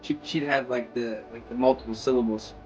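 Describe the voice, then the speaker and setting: A man's voice: medium pitch, steady tone, muffled recording, faint music behind. A man chatting casually during a game stream, joking and bantering with friends. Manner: joking, bantering, quick to laugh. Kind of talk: casual chat while gaming.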